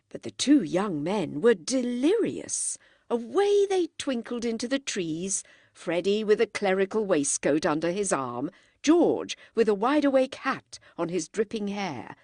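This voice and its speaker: A woman narrating a novel with an expressive, unhurried delivery. Her pitch rises and falls widely, and the close microphone gives a dry sound with no room around it. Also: no room sound. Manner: expressive, animated reading. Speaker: audiobook narrator. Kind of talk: scripted audiobook narration.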